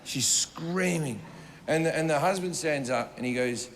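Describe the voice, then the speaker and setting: A man tells a stand-up story with a slightly high voice, swearing freely and acting out each moment. It is a live show recording with clear background noise underneath. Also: unhurried. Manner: profane, animated, acts out scenes. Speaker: stand-up comedian.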